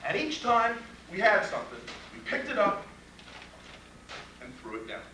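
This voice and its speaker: A little hiss or hum sits under this high-pitched man whose voice swoops wildly, pushed and bright, at a moderate pace. He's a criminal defense trial instructor running a live workshop for trial lawyers, blunt, profane and heavy on rhetorical questions. The echoey training room with an audience is recorded from afar.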